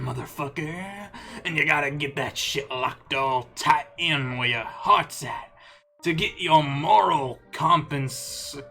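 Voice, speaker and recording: A person voicing a stoned male troll clown who preaches redemption in a slow, profane drawl. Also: medium pitch, creaky, bright, forceful tone, heavily acted.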